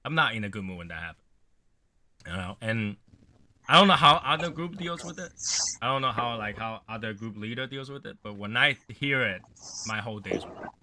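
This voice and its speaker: A man's voice: lowish voice, animated, fairly quick, pushed and bright, slight background noise. A man hosting a casual livestream chat, rambling in a gloomy, offhand way and swearing now and then. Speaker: livestream host.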